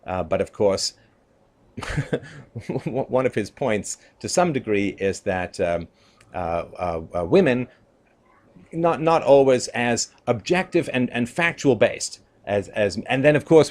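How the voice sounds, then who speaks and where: A man's voice: mid-range voice, expressive, takes it slowly, darkish tone. A man giving an opinion commentary monologue, emphatic and conversational, leaning on "you know" and "right?" and chuckling between points. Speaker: political commentator.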